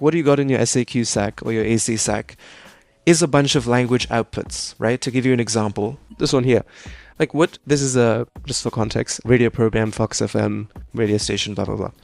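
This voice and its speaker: A man's voice: mid-range voice, vocal fry, a little mellow, dry recording. A young adult man tutoring a student one-on-one over a video call, explaining at length and tagging his sentences with "right?".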